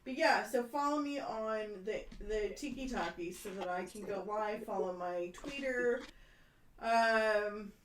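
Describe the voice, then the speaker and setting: Slow-talking woman in a roomy space. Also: mid-range voice. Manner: chatty, filler-heavy, laughing often. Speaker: podcast co-host. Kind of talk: casual podcast chat. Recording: roomy, distant mic.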